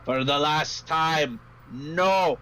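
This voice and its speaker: A man's voice: a little high, extremely slow, sharp tone, slight background noise, exaggerated voice, low-quality recording. A man voicing a harried male gnome innkeeper, attempting a Gnomish accent with exasperated sighs.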